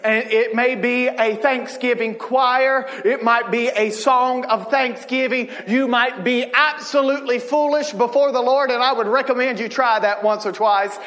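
A male pastor preaching in a church, animated and expressive as he swings from quiet intimacy to loud shouts. His voice is high and bright, with a long hall reverb behind it. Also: measured pace, few pauses. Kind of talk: sermon.

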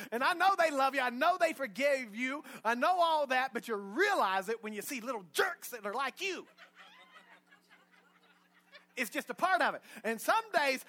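Casting: middle-aged male preacher, very high and bright voice, lively, jokes and shouts in church. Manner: energetic preaching with humor, rising to shouts. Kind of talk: sermon. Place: church sanctuary.

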